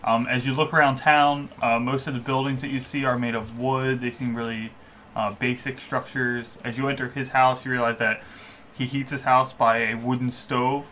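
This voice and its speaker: A man narrating as game master at a live tabletop session, describing scenes in a relaxed, improvised way. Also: mid-range voice, normal speed, slight background noise. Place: home gaming session streamed live.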